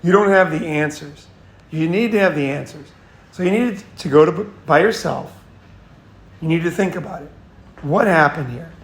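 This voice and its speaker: Man, gravelly voice, fairly high pitch, blunt profane advice monologue. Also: moderate pace, long pauses, reverberant. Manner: blunt, profane, repeats himself. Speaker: host.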